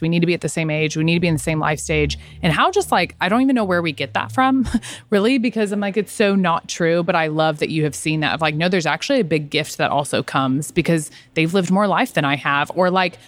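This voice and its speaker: A woman with a slightly low voice leads a small group discussion, answering each share in an upbeat, affirming way. The sound is dry and close. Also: fast, no echo.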